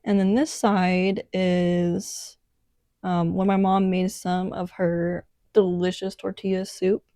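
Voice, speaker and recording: A young woman talks through her sketchbook in a relaxed, rambling way, filling gaps with "um" and "like". Her voice is mellow and warm, and she speaks slowly. The sound is dry and close, with no room echo. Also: lowish voice. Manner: relaxed, rambling, many ums and likes. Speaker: artist vlogger. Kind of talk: casual sketchbook tour narration.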